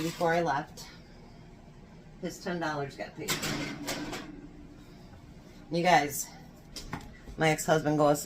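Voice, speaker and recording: A woman in her fifties talks her way through baking in a home kitchen, swapping family stories and laughing often. Her voice sits low and easy, and a faint hum runs under the recording. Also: unhurried, pauses often. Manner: chatty storytelling, laughs often. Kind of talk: casual chat while baking.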